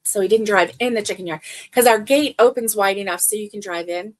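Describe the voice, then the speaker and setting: A woman's voice: mid-range voice, fairly quick, hardly any pauses. A woman hosting a crochet livestream, telling a rambling story in casual chat and greeting viewers by name.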